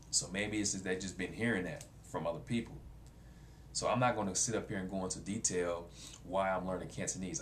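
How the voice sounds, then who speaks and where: Blunt, low-voiced man vlogging. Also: slight background noise. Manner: blunt, repetitive, conversational. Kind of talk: casual talk to camera.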